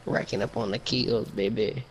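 A man's voice: fairly low pitch, fairly even intonation, moderate pace, a little hiss or hum, rough recording. A man bantering cockily with a friend while playing an online game. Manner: cocky, dismissive. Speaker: gamer. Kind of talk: casual gaming chat.

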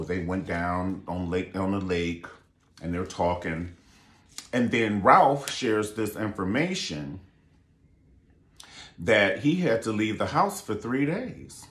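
A man giving a sassy, campy review of a reality show, animated and blunt, with shrill falsetto bursts when he imitates people. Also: takes it slowly. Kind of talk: sassy vlog commentary. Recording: echoey room.

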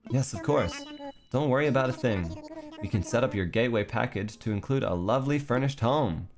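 A man's voice: medium pitch, lively intonation, fairly quick, music in the background, lightly acted. A man reading the lines of a polite, businesslike raccoon shopkeeper from a cartoon life game. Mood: courteous. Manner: reads the game text aloud courteously.

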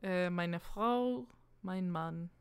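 A woman streamer chatting casually to her live audience, excitable and quick to swear, with sudden loud outbursts, sounding out foreign phrases as she practices them. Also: fairly low pitch, clean tone. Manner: repeats foreign phrases aloud while practicing.

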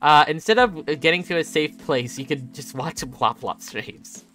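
A man's voice: fairly high pitch, moderate pace, bright, forceful tone. A young man streaming a game, rambling and joking casually with chat and laughing often. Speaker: gaming streamer.

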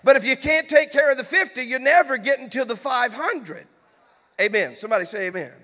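A man, a pastor preaching a fervent sermon that builds to shouting in a church sanctuary. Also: extremely high pitch, expressive, a little fast. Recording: long church hall reverb.

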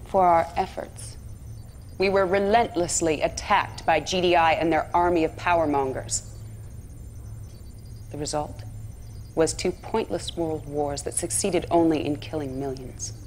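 An actress voicing a persuasive female cult propagandist who narrates a measured recruiting speech in a game cutscene. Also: sits low, fairly even intonation, darkish tone, slight background noise.

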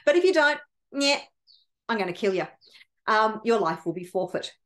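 A woman's voice: medium pitch, animated, moderate pace, natural voice. A woman voicing a greedy king who drawls out threats in a storytelling retelling. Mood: menacing.

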